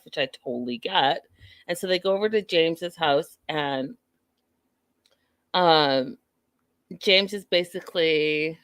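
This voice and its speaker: Woman, host, casual reality TV recap, opinionated, chatty, mid pitch, dry close sound. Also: a bit bright, smooth, no echo. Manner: chatty, opinionated, reads out live chat. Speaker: show host.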